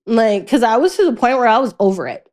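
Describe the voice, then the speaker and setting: With a high-ish, very animated voice, a young adult woman shares a painful personal story as a podcast guest. She is candid yet keeps halting and restarting, going quiet when things are hardest.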